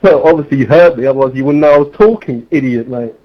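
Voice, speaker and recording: A man's voice: medium pitch, quick pace, muffled recording. A man racing online, mocking and insulting another driver in a heated voice chat. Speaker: rival sim racer. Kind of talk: heated in-game voice chat argument.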